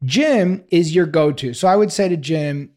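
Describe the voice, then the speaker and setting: A man's voice: on the high side, normal speed, a little mellow. A man co-hosting an advice podcast, playful and profane, goofing around as he gives advice. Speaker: podcast co-host. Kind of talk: casual podcast chat.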